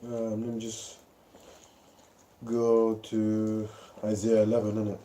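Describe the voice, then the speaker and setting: A man's voice: lowish voice, completely flat delivery, takes it slowly, dark tone. Man reading scripture in an echoey room. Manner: reads scripture aloud, slangy asides. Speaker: scripture reader in a group discussion. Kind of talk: casual religious discussion.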